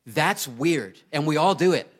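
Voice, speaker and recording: Man, 30s, pastor, sermon, earnest, emphatic, fairly high-pitched. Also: animated, measured pace. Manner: earnest and emphatic, swings between loud urgency and quiet reading.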